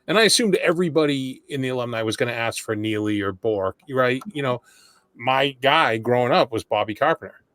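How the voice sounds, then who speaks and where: A man's voice: medium pitch, animated, brisk, a bit bright, dry recording. A man hosting a podcast, chatting casually and telling self-deprecating stories. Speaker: podcast host. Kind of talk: casual interview chat.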